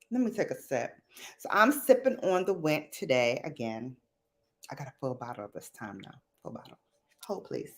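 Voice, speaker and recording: A woman's voice: low-pitched, sing-song, normal speed. A woman hosting a casual livestream, chatting playfully with her viewers and talking to her small pet. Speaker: livestream host. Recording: loud music playing behind.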